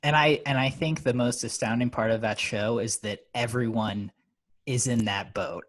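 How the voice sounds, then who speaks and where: A man's voice: medium pitch, fairly even intonation. Laughing male podcast host. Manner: laughs often, halting restarts. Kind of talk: casual podcast interview.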